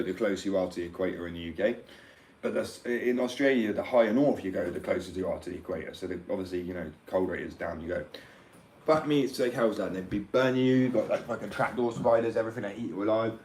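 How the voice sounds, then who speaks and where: A man's voice: on the low side, a little mellow, slight background noise, low-quality recording. A young man with an English accent, talking in a brash, rambling casual rant and swearing freely. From England.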